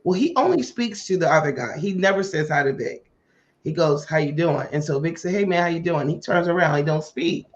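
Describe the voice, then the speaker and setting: A woman hosting a podcast tells a personal story in a casual way and acts out the dialogue with lively voices. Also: sits low, a little fast. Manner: animated, acts out quoted dialogue. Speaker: podcast host. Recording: muffled lo-fi audio.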